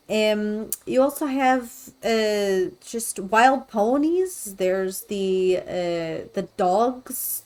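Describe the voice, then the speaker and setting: Brief: woman game master, unhurried, hesitant narration. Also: medium pitch, darkish tone. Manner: hesitant, many ums.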